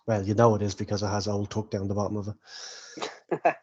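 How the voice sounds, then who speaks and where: Game master, male, mid-pitched, casual scene narration, dull lo-fi mic sound. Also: flat delivery, normal speed, darkish tone. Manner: casual, explains rules and scene loosely.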